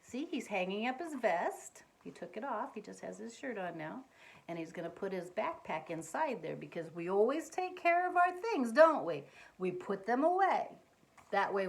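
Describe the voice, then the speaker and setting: A woman reading a picture book aloud to young children, gently coaxing them with questions as she points things out. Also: mid-range voice. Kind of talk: children's read-aloud storytime.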